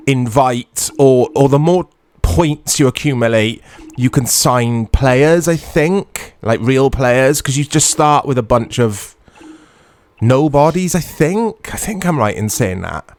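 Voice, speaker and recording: A man with a medium-pitched voice hosts a retro gaming channel, chatting to viewers as he plays. His commentary is casual and self-deprecating, and the sound has no echo.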